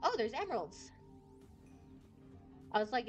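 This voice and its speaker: A bubbly woman streamer chats her way through a game, rambling from thought to thought. She squeals and yelps when things go wrong. Soft music plays faintly under her voice. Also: mid-range voice, normal speed. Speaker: VTuber streamer. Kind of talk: casual gameplay commentary.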